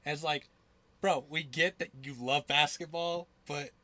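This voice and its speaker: A man's voice: on the high side, steady tone, a little slow, sharp tone, no room sound. A young man hosting a podcast in casual chat, rambling with lots of filler words, swearing and laughter. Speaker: podcast host.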